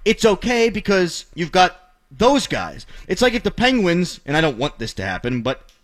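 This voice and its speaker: A man's voice: sits high, very animated, moderate pace. A middle-aged man, hosting a sports talk show and ranting with sarcastic, opinionated commentary.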